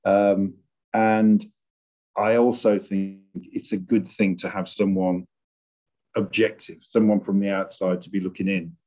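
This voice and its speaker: A middle-aged man, a screenwriter guest in a conversational interview, speaking in a reflective, measured way as he searches for words. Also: sits low, flat delivery, a little mellow.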